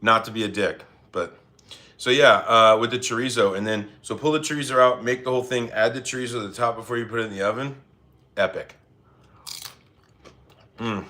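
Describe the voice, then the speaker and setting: A man hosting a casual cooking livestream from his home kitchen, chatty and laid-back, with quick apologetic asides as he reads chat. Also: medium pitch, pushed and bright.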